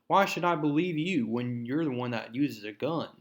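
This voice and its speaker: A man's voice: mid-range voice, lively intonation, normal speed, lightly acted. A man reading a sarcastic young superhero's lines from a comic book in his own voice. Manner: sarcastic, skeptical. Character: wisecracking young male superhero. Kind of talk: comic book read-aloud.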